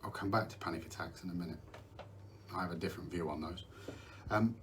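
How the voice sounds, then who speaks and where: A man's voice: low voice, fast talker, fairly bright tone, a little hiss or hum. Candid rambling man on mental health. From United Kingdom. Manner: candid, rambling, swears, restarts and drifts off topic. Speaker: host. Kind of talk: casual live talk on mental health.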